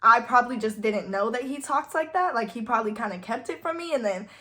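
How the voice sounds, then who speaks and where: Chatty young woman with a higher voice. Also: animated, fast, pushed and bright. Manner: chatty, heavy use of "like". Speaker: vlogger. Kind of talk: casual storytime.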